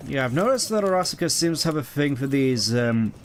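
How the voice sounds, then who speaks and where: A man's voice: medium pitch, expressive, fairly quick. A man streaming a video game, rambling in casual commentary and reading item names aloud.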